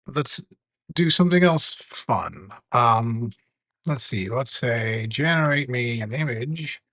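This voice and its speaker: A man teaching a lesson about AI tools with a live demo, measured and earnest. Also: a little high, a bit bright, no echo. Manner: measured, earnest, some fillers.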